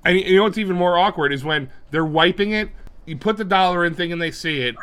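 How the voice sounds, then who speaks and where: A man co-hosting a podcast in casual comedic chat, telling animated, profane stories and acting out little bits. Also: sits high, fast talker, clear, resonant tone. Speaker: podcast co-host.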